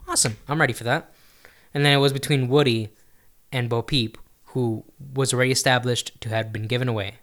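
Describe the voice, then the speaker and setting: A man in casual conversation, talking animatedly about movies and dropping into quick character voices. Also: medium pitch, steady tone, a bit bright. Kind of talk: casual chat.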